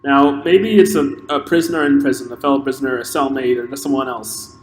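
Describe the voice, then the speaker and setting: Male podcast host, impassioned solo rant, halting delivery, reverberant room with faint hiss. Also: mid-range voice, steady tone. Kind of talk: solo opinion monologue. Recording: echoey room with long reverb and faint noise.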